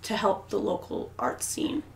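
A woman's voice: medium pitch, big pitch swings, measured pace, vocal fry, echoey room. A young woman guest on a podcast, talking casually, giggling and searching for her words. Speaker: guest singer-songwriter. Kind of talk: casual interview chat.

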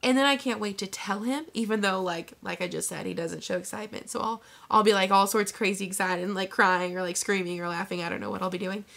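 A woman's voice: mid-range voice, steady tone, fast talker, vocal fry, hardly any pauses, a bit bright. A woman in her twenties vlogging to her phone camera, chatty and gushing, filling her talk with "like". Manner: bubbly, gushing, says "like" constantly. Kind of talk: casual chat to camera.

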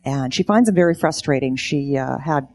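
A woman's voice: rumbling low, normal speed, warm tone, husky. A middle-aged woman telling stand-up comedy stories on stage, in a dry storytelling way. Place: event stage.

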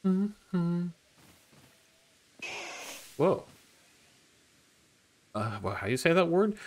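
A man streaming a video game, talking casually and getting excited about each new find. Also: lowish voice, slow pace, pauses often, breathy edge, faint music behind. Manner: excitable, gasping and laughing at new discoveries. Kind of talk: casual gameplay commentary.

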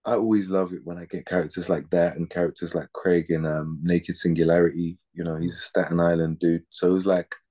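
Deep-voiced laid-back man. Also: little pitch movement, fairly quick, few pauses, warm tone. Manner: laid-back, slangy, repeats words while thinking. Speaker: actor interviewed as guest. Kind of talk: casual interview chat.

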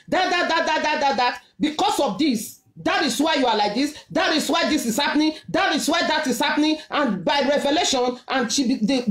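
A woman's voice: sits high, echoey room. A woman with a Nigerian accent preaching a sermon, mixing Pidgin into her English and driving her points home with repeated exhortations. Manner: emphatic, repetitive exhortation in Pidgin-laced English. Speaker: prophetess preaching. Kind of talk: sermon with testimony.

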